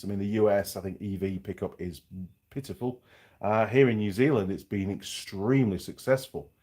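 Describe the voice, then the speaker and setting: A man's voice: on the low side, a little mellow. A middle-aged man from Yorkshire with a faded Yorkshire accent, a mechanic chatting casually and frankly to viewers on a livestream, with rambling asides. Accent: faded Yorkshire English. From Yorkshire, England. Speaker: mechanic and channel host.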